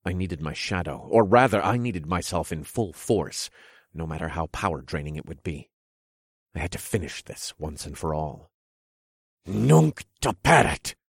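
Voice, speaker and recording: A man narrates a dark fantasy story in the first person with steady drama. His voice sits very low and husky. The recording is dry and close. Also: normal speed, no echo.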